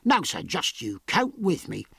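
A brisk, indignant shopkeeper, as a narrator puts him on, pressing each word emphatically. The pitch sits raised and the tone slightly husky, recorded dry and close. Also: male voice, wildly swooping pitch, bright, forceful tone, dry recording, full character voice.

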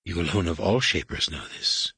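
A man reading an audiobook and voicing a majestic, menacing alien overlord who speaks in a hushed, whispered rumble, slow and commanding. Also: creaky, husky, no room sound, studio quality, full character voice.

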